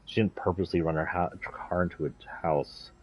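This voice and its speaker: A man's voice: low voice, fairly even intonation, fairly quick, slightly rough. A man streaming a video game, chatting casually in an offhand, rambling way and swearing now and then. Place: indoors, playing a video game.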